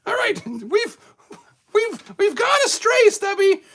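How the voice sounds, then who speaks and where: Shrill, rowdy skeleton host for a puppet comedy show, loud and giggly, played by a woman. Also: very animated, slow, exaggerated voice.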